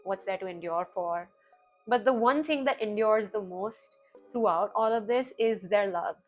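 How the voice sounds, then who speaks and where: Woman, reaction-video host, casual animated recap, mid-range voice, filler-heavy. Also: medium pitch, a little slow, faint music behind. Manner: chatty, heavy on "like" and "you know", animated retelling.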